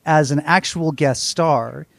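A man's voice: on the high side, slow, vocal fry, no room sound. A man co-hosting a podcast in casual chat, wry and long-winded, joking at his own expense on a home balcony. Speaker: podcast co-host.

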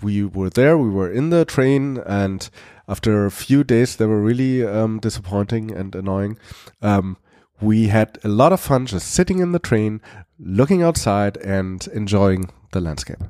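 A man with a low, mellow voice recalls a train trip in casual podcast chat. He talks haltingly, starting over and pausing as he thinks. The recording is dry and close. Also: lively intonation, dry recording. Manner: halting, reflective recollection with fillers.

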